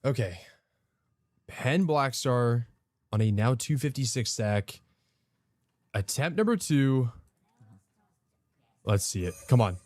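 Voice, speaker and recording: A man narrating his own game moves live, excitable and quick to exclaim. He talks slowly, his pitch swinging widely, in a dry, close recording. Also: dry recording. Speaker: player. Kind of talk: live gaming talk.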